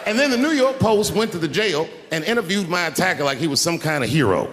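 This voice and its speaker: A middle-aged man doing a stand-up routine, telling stories animatedly and shouting punchlines. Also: on the high side, lively intonation, fast talker, crowd noise. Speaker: stand-up comedian. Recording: live hall reverb, faint background noise.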